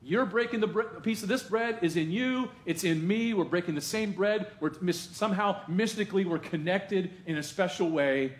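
A man pastor delivers a sermon in a church sanctuary, his voice sitting a little high for a man. He preaches in a chatty, conversational way, tossing asides to the congregation. The room around him is echoey. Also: normal speed, hardly any pauses.

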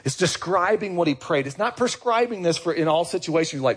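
A man's voice: fairly high pitch, animated, brisk, hardly any pauses, slight background noise. A man preaching a conversational sermon to his congregation as their pastor, asking them questions and urging them to respond. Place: church.

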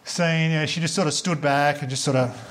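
Fast-talking Australian stand-up comedian. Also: male voice, on the high side, fairly even intonation, fairly bright tone. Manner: fast storytelling with acted-out dialogue. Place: live comedy venue before an audience.

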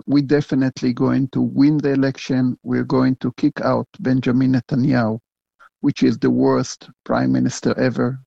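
An older man, a retired general answering interview questions in a halting way, full of fillers and restarts. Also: mid-range voice, gravelly, warm tone, no echo, dull audio. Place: home in a big city.

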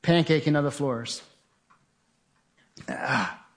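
A man giving a dramatic personal storytelling talk, vivid and urgent, speeding up and slowing down, talking straight to his listeners. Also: medium pitch, a little hiss or hum.

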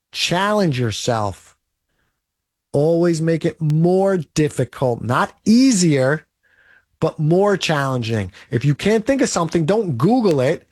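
A man's voice: a little high, a little mellow, husky, no echo, studio quality. A man in his late forties delivering a blunt, motivational monologue full of rhetorical "right?"s. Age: 40s. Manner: emphatic, blunt and pep-talking, with rhetorical "right?".

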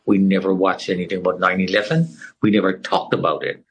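A man's voice: low voice, flat delivery, fast, husky, poor audio. A middle-aged man telling his survival story with earnest feeling, acting out the people he quotes. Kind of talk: emotional personal testimony.

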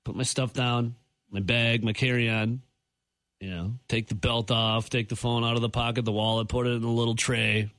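A man hosting a morning radio show, telling an airport story with animated, incredulous asides. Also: medium pitch, normal speed, dry recording, clean studio sound. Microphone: studio microphone.

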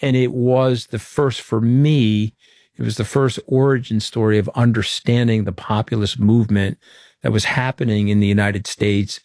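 A middle-aged man from Long Island, New York, recounting events as an interview guest in a frank, emphatic, anecdotal way. His voice sits fairly low. The sound is dry and close, with little room around it. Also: steady tone, normal speed, a little mellow, no room sound. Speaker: interview guest, former political communications director. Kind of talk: candid storytelling in an interview.

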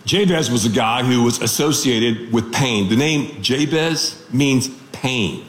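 A man preaching a radio sermon as a pastor, telling stories in an animated, joking way. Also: medium pitch, takes it slowly, reverberant.

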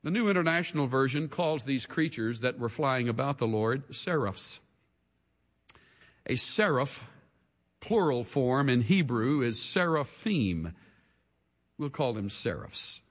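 A man preaching a sermon with dramatic delivery, moving from hushed lines to shouts. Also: medium pitch, big-room sound. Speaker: pastor.

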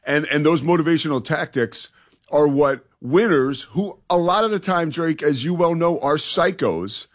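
A man's voice: a little high, normal speed. A man co-hosting a sports talk radio show, emphatic, stretching key words and laughing easily.

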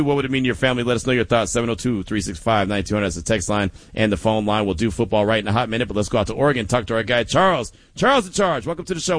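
A man's voice: mid-range voice, no echo. A man hosting a sports talk radio show, telling stories emphatically and laughing often. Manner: animated, laughing, emphatic storyteller.

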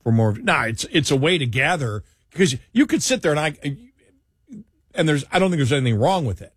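A man's voice: on the high side, expressive, fairly quick, slightly rough, no room sound, studio quality. A man hosting a talk radio show, chatting casually and rambling with frequent restarts and fillers.

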